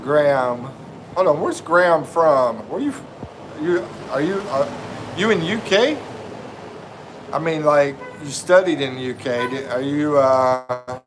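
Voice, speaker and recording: A man's voice: medium pitch, unhurried, noisy background. A middle-aged man from North Carolina, hosting a casual live stream and greeting viewers by name in a laid-back, chatty way.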